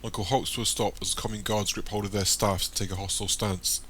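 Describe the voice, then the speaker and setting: Guy narrating an audiobook, lowish voice, even delivery. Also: fast. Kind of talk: scripted narration.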